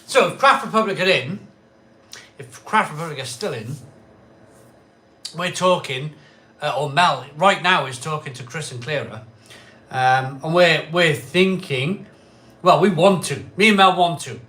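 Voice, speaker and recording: The voice is a man's, fairly high, a touch slow, with long pauses. As a middle-aged host of a craft beer live stream who's had a pint or two, he chats casually and tipsily, wandering off topic, saying things twice, and greeting people loudly and cheerfully.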